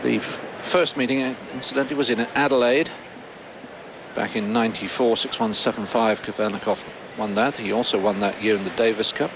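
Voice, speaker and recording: Male tennis commentator, measured play-by-play, broadcast with audible background noise. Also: mid-range voice, fairly even intonation. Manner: measured, factual, reels off scores. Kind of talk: sports commentary.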